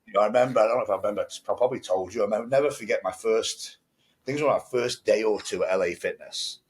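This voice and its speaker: A man with a slightly husky, fairly low voice co-hosts a podcast in casual conversation. He tells stories bluntly and swears freely. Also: quick pace. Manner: blunt, frequent swearing, storytelling. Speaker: podcast co-host.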